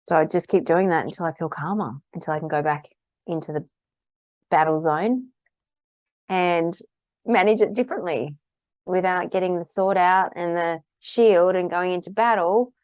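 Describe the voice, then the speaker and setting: A woman's voice: on the low side, normal speed, a little mellow, no room sound, dull audio. A woman practitioner giving a casual, candid talk about tapping, acting out the phrases she repeats aloud while tapping.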